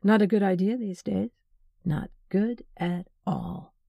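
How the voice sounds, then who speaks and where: A woman's voice: medium pitch, takes it slowly, gravelly, no echo, dull audio, voice pushed up. A woman reading the part of a scheming, contemptuous man who talks in a sneering drawl. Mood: mocking.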